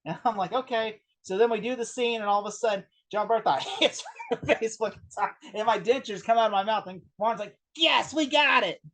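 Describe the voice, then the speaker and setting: A man in a casual film discussion, retelling behind-the-scenes stories in a rambling, animated way with lots of fillers. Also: high voice, fast. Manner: rambling, animated anecdote-telling with many fillers. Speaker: film review co-host.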